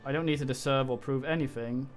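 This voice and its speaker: A man's voice: medium pitch, steady tone, fast, soft background music, natural voice. Man reading as an arrogant sneering baron. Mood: dismissive. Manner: offhand, condescending. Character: arrogant male baron, dismissive and contemptuous.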